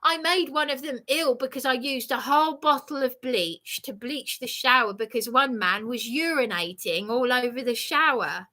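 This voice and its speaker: A woman ranting to the camera in an emotional monologue. She is indignant, swears often and her voice climbs into shouts. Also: sits high, normal speed, hardly any pauses. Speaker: vlogger.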